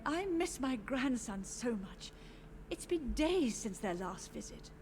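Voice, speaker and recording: Brief: high, lively-voiced old mother, lost in grief, wistful and drifting, video game dialogue over loud score. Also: slow pace, a little hiss or hum. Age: older. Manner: wistful, drifting, gently insistent. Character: frail grieving old mother, confused, haunted by her dead. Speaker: game character.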